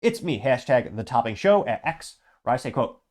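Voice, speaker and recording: A man hosting his own political commentary show, reading out viewer comments in a rapid, blunt and sarcastic way while running on lots of coffee. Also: medium pitch, very animated, darkish tone. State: over-caffeinated. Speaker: host.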